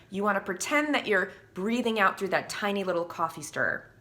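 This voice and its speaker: A woman vocal coach leading a singing warm-up, explaining exercises and singing the vocal lines herself, with a slight morning croak in her voice. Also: mid-range voice, lively intonation, a little fast. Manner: demonstrating sung vocal exercises between spoken instructions.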